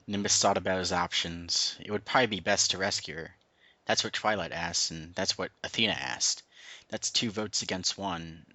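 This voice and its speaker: A man's voice: deep voice, normal speed, bright, forceful tone, no echo. A man casually reading a story aloud and adding asides. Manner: narrates plainly with laughs and asides. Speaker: reader, channel host.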